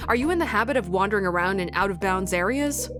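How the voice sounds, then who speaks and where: A woman's voice: medium pitch, expressive, quick pace, music in the background, close to an everyday voice. A woman voicing a laconic adult male detective in a video game, with dry, understated delivery.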